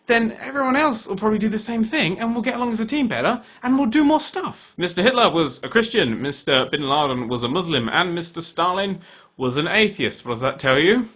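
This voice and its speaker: A man ranting his opinions to camera in a heated, animated way. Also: high voice, breathy edge. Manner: animated, heated, switching into voices for quoted people. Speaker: video maker.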